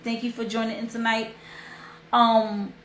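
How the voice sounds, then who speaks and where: A woman's voice: on the high side, little pitch movement, a little slow, fairly bright tone, a little hiss or hum. A young woman hosting a livestream, telling a heartfelt story in a chatty, emotional way. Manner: heartfelt, chatty, repeats herself. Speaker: host. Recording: roomy echo.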